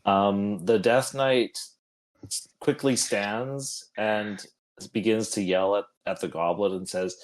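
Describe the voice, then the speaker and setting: A man narrating as game master with halting speech and many fillers. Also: fairly low pitch, steady tone.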